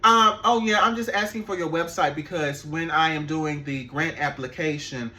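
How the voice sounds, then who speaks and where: Bright-voiced man telling a story. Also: on the high side, moderate pace. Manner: animated, expressive storytelling with laughs and swearing. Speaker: animator. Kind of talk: casual storytime vlog.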